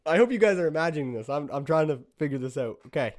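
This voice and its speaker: A man's voice: fairly high pitch, lively intonation, quick pace, darkish tone. A man hosting a solo podcast, thinking aloud in a giggly, self-conscious way as he tries out voices. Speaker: podcast host.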